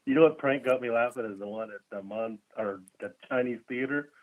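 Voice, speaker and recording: A man calling in to a radio show, chatting in a goofy, jokey way with bursts of loud laughter. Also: mid-range voice, normal speed. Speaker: caller. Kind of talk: casual call-in chat. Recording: tinny phone line.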